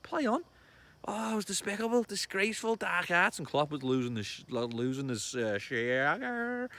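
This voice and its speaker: Excitable Scouse man with a high voice. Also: moderate pace. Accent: Liverpool. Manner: excitable, chatty, swears, loud bursts. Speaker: football fan vlogger. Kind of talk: casual match reaction vlog. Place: outdoors among trees.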